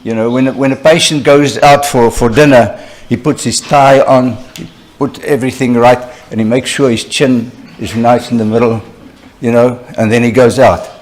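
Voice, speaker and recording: A man's voice: medium pitch, moderate pace. An older man, a surgeon giving a conference lecture, talking conversationally and telling anecdotes with frequent asides to the audience. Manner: conversational, animated storyteller with frequent "you know" asides.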